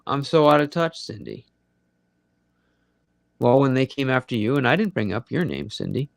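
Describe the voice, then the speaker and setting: A man's voice: mid-range voice, big pitch swings, normal speed, vocal fry, no echo. A man hosting a live late-night audio chat room, rambling and swearing freely as he talks straight to his listeners. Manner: profane, rambling and conversational.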